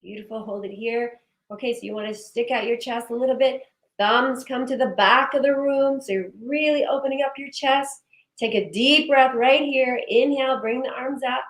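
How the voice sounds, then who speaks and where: A woman leading a guided breathing and movement session, giving slow, soothing cues and affirmations. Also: high voice, a bit bright. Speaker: breathwork and wellness instructor. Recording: echoey room.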